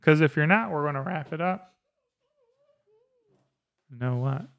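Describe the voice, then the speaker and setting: A man's voice: a little high, animated, measured pace, lo-fi sound. A man in his thirties hosting a casual podcast, rambling with lots of fillers and easy laughs. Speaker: podcast host.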